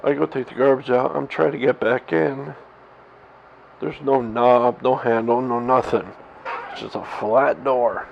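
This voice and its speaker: In his thirties, a man tells a story straight into his camera at home, rambling, cursing, and laughing at himself in a candid personal vlog monologue. His mid-range voice is creaky and a little slow, with fairly even intonation. The camera mic gives slightly dull, lo-fi audio with a faint hiss.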